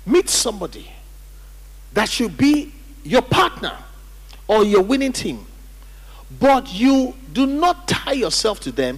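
Husky preaching man in echoing hall. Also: sits high. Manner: emphatic preaching, calls on congregation to repeat. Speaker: pastor. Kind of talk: sermon. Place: church hall during service. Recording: church hall reverb.

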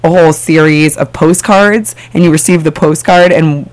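A chatty, bubbly male radio DJ with a fairly high voice, chatting casually in the studio. He rambles cheerfully between songs and laughs easily. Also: steady tone, moderate pace, clean tone. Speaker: radio DJ host.

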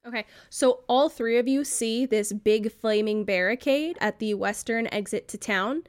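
Woman, game master, relaxed descriptive narration, dry sound. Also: fairly high pitch, moderate pace, smooth, no room sound.

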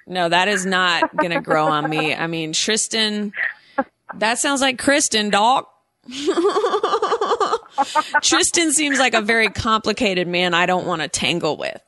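A woman's voice: mid-range voice, unhurried, sharp tone, no echo. A woman from Oakland, California, hosting a podcast and joking her way through a casual phone chat. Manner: joking, playful, breaks into silly voices. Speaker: podcast host.

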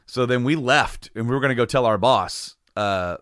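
A man's voice: medium pitch, moderate pace, a bit bright, no echo, clean studio sound. A man telling a casual, rambling story, laughing often and swearing freely.

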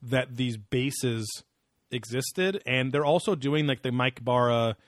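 Male podcast host, mid-pitched, loose and profane, dry close sound. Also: takes it slowly, dry recording. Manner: rambling, profane, laughs often. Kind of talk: casual banter.

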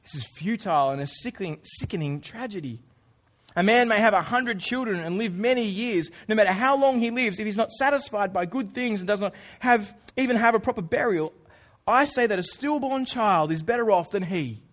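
Male preacher, high voice, earnest, chatty sermon delivery. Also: animated, fairly quick, a bit bright. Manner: casual, earnest, with informal asides. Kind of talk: conversational sermon.

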